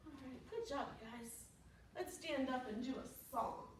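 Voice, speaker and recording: A woman's voice: high-pitched, measured pace, a little hiss or hum. A woman children's librarian reading a story aloud to preschoolers in a sing-song way, stopping to ask the children questions. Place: library room. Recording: roomy room, voice from a distance.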